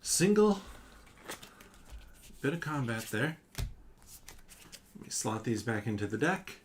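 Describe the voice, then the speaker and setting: A man's voice: mid-range voice, sing-song, slow, slight background noise. A man hosting a solo board game playthrough, thinking aloud and counting out damage and cards. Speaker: board game channel host.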